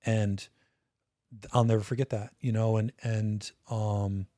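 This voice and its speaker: A man's voice: lowish voice, flat delivery, measured pace, dark tone, dry recording. Middle-aged man telling a story, dry close sound. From United States. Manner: candid, conversational, swears casually, frequent restarts. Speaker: interview guest, retired state police major. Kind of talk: casual storytelling in a podcast interview.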